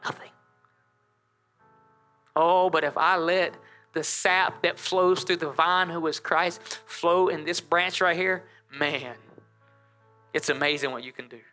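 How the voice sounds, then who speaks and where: Guy pastor preaching in church, real bright voice, pretty high, lively back-and-forth with the crowd. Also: slow, long pauses, faint music behind. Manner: lively, conversational preaching with call-and-response. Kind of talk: sermon.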